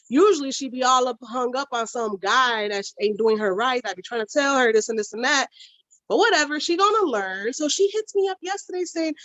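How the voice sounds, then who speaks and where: Woman, high voice, blunt, slangy, animated storyteller, casual chat. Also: quick pace. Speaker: podcast co-host.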